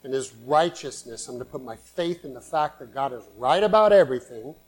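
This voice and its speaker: A man preaching a sermon in earnest, swinging between loud emphatic bursts and quiet asides. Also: medium pitch, lively intonation, a little fast, low-quality recording. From San Francisco Bay Area, USA. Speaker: pastor.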